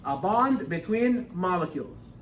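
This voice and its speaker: A man teaching a chemistry class, lecturing with emphatic, animated repetition of key points. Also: sits high, measured pace, a little hiss or hum. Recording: echoey classroom from far off.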